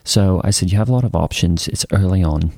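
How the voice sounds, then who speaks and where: A man's voice: low voice, a little fast, gravelly, darkish tone, dry recording, clean studio sound. A man playing a self-satisfied youth pastor who tells a rambling story full of fillers and restarts. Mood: rambling, earnest. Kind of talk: improvised comedy character.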